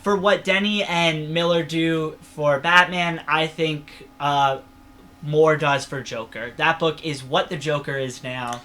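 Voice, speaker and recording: Bright-voiced enthusiastic man chatting. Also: on the high side, fairly even intonation, slow pace. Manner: enthusiastic, rambling with fillers and restarts. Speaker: podcast co-host. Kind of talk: casual chat about comics.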